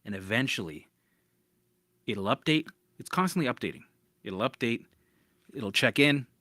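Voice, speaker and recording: A man's voice: medium pitch, animated, normal speed, pushed and bright. A man coaching listeners through anxiety in a loose, casual talk. He swears easily and slips into panicky voices. The sound is dry and close, with no room echo.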